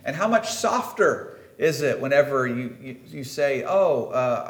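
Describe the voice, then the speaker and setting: A man's voice: medium pitch, expressive, unhurried. A man preaching a sermon in a church, talking conversationally and checking in with the congregation. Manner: conversational, emphatic, asks the audience questions. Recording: roomy church echo.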